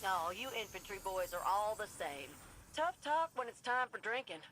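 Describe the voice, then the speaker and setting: A woman's voice: medium pitch, sing-song, normal speed, a bit bright, slight background noise. An actress playing a cocky female pilot who teases soldiers, in video game dialogue. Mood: teasing. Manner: teasing, swaggering.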